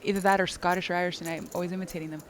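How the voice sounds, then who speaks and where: Giggly young woman commentating poker. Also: racing. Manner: playful, giggly, lively pitch swings. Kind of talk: live broadcast commentary banter.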